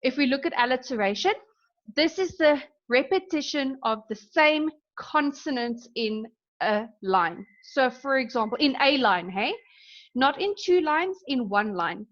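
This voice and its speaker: A woman's voice: high-pitched, expressive, measured pace, fairly bright tone. A young woman teaching a class in a recorded lesson, explaining terms and checking in with "okay?" as she goes. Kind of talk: recorded screen-share lesson. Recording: dull lo-fi sound.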